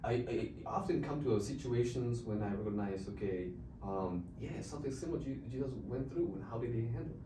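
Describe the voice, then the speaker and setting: A man from the Czech Republic who speaks English with a Czech accent, an expressive missionary telling stories as an interview guest. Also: medium pitch, a little fast, few pauses, background noise. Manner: expressive, laughs often. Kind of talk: animated storytelling. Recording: roomy, distant mic.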